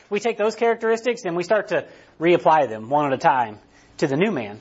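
A man with a high voice gives a casual, conversational sermon and keeps tagging his points with "right?". The recording has a dull, lo-fi sound. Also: fast talker. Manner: conversational preaching, frequent "right?" tags, restarts. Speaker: pastor.

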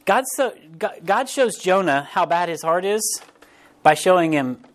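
A man preaching a sermon as pastor, in a casual, animated way, often restarting phrases and briefly acting out quotes. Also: sits high, measured pace. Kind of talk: conversational sermon.

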